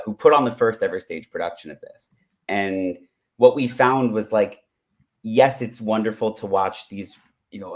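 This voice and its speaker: A man, a writer, talking eagerly in an interview, rambling with many restarts. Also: fairly low pitch. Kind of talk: interview conversation.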